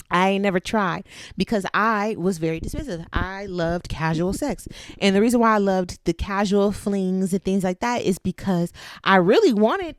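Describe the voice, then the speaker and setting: A woman's voice: medium pitch, moderate pace, no room sound. Candid, profane woman host, dry sound. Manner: candid and profane, with loose chatty tangents; laughs often while talking. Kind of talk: casual chat.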